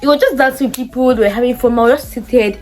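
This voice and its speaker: A young woman with a Nigerian English accent telling a personal story to her vlog audience, lively and acting out what people said. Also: quick pace, soft background music. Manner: animated, acts out quoted dialogue in a much higher voice. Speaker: vlogger. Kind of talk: casual storytelling.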